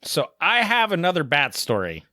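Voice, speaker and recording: A man co-hosting a podcast, telling a casual story in an animated way and acting out other people's lines. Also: fairly high pitch, moderate pace, no room sound, clean studio sound. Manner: animated storyteller, acts out shouted quotes. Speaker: podcast co-host.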